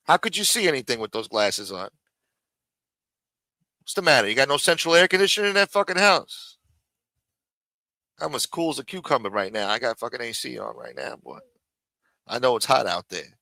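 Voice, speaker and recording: A man's voice: mid-range voice, sing-song, moderate pace, long pauses, bright, forceful tone, no echo. A man hosting a live stream, giving profane, mocking, sarcastic reaction commentary from a home studio.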